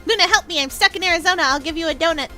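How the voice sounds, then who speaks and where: A woman's voice: very high-pitched, racing, pushed and bright, soft background music. A woman streamer chatting casually and giggling while playing a game aloud. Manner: bubbly, giggly. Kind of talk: casual gaming livestream reading aloud.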